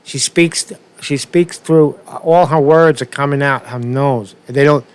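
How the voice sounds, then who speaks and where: A man's voice: a little high, a little slow, smooth. Mocking, profane man ranting over clips. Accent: New York. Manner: mocking, rambling, repeats words. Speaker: commentary streamer. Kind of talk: profane political rant reacting to clips.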